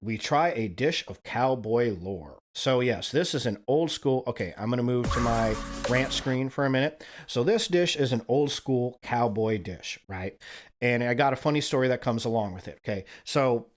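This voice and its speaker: A man from Wyoming hosts a stream, his mid-range voice animated and moderately paced over faint background music. He tells a rambling, casual story full of profanity, tagging "right?" onto his sentences again and again.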